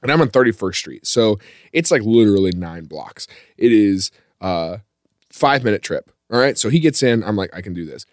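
A man hosting a podcast, telling a funny story in a loose, animated way and laughing often as he goes. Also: lowish voice, moderate pace. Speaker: podcast host. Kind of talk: comedic storytelling.

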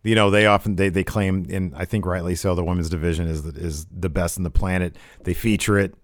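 A man with a low voice and fairly even intonation talks briskly while co-hosting a casual livestream about wrestling. He's enthusiastic and rambling, restarting sentences and making frequent agreement sounds, in clean studio audio with no echo.

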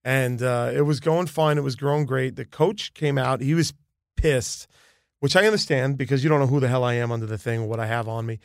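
A man who is a comedian guest, telling a story in relaxed, chatty podcast talk. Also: medium pitch, brisk, creaky, dry recording, clean studio sound.

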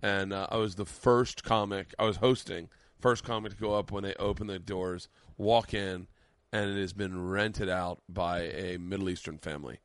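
A man's voice: sits low, fairly even intonation, normal speed, no echo. A man in casual comedy chat, wisecracking and swearing. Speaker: comedian guest.

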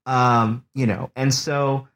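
A man's voice: mid-range voice, fairly even intonation, slow pace, a bit bright. Earnest man telling a personal story. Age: 30s. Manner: earnest, emotional, rambling with restarts. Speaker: podcast guest.

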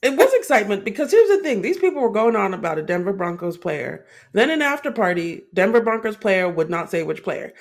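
A woman speaks in a casual podcast chat, her voice jumping up and down with lively expression. She makes wry, exclaiming comments and her pitch sits in a middle range. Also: brisk, few pauses. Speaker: podcast co-host.

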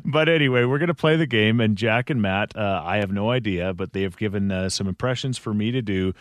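A man's voice: lowish voice, a little fast. A man from Canada hosting a podcast with casual banter, playful and self-mocking, and laughing often. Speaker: podcast host.

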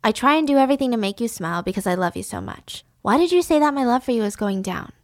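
A woman's voice: fairly high pitch, animated, quick pace, no echo, close to an everyday voice. A woman reading out letters of a lovesick, hurt young woman, close to her own voice. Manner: hurt, pleading.

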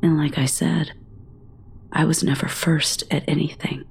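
A woman narrating a horror story in a measured, often whispery way. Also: sits low, little pitch movement, creaky, a little hiss or hum.

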